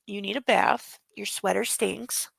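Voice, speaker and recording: A woman's voice: medium pitch, fairly even intonation, measured pace, creaky, fairly bright tone, breathy edge, no room sound, rough recording. A woman hosting a book club show at home, reading a novel aloud and breaking in with sarcastic, giggly comments and baby talk.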